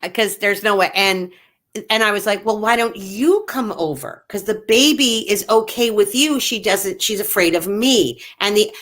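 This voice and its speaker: A woman who plays Mrs. Claus, telling stories in a casual chat and slowing down to stress her points. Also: medium pitch. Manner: animated, slows to stress points. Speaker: Mrs. Claus performer, panel guest.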